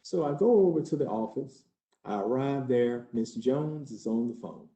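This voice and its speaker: A man's voice: medium pitch, expressive, normal speed, warm tone. A man acting out a case study as a trainer, earnest and conversational as he tells it in the first person. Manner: earnest, conversational, building tension. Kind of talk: first-person role-play storytelling. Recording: roomy hall.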